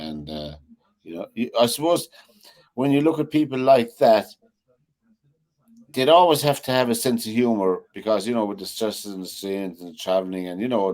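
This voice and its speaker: Man, co-host, low voice, loose rambling chat full of fillers. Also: a little mellow. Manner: rambling, many fillers like "you know". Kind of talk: casual chat.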